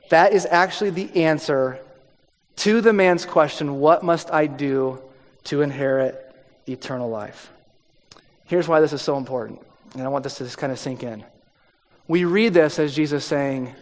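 A man preaching a sermon in a conversational way, dropping his voice low for emphasis. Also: moderate pace. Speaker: pastor. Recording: long hall reverb.

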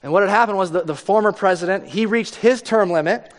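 This man's voice sits high and moves fairly quickly as he preaches in a conversational way. He reads from scripture, unpacks it, and sometimes performs the story's characters with building intensity, all under a long reverb from the hall.

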